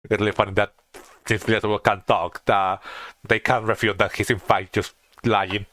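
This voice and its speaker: A man's voice: fairly low pitch, little pitch movement, moderate pace, bright, forceful tone. A young man giving casual, rambling commentary on a video game he is playing. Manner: rambling, restarts, lots of fillers. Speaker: let's play streamer. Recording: faint game music behind.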